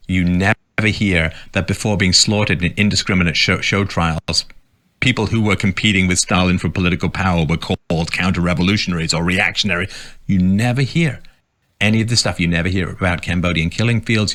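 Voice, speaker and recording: Sarcastic man with a bright voice. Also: low voice. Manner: sarcastic, mocking. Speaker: political commentator. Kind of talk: commentary reading out quotes.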